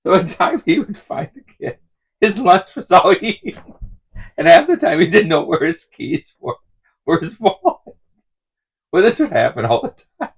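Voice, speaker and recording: A man's voice: sits high, huge pitch swings, moderate pace, gravelly, breathy edge. A middle-aged man telling rambling stories in a casual vlog, chuckling often as he talks. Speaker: vlogger.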